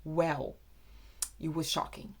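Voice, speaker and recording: A young Brazilian woman whose first language is Portuguese, teaching British expressions in a chatty, animated video lesson. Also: sits low, slow pace. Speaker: English teacher.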